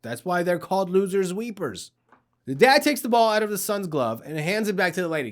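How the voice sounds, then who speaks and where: Lively sarcastic comedy news host, a man. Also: high voice, normal speed. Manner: sarcastic, mocking, acts out characters.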